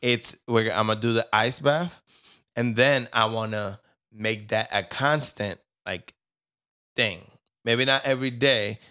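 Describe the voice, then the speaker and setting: A man co-hosting a podcast, chatting casually and joking with animated delivery. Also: medium pitch, measured pace. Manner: joking, animated, slips into mock voices. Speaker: podcast co-host. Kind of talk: casual chat.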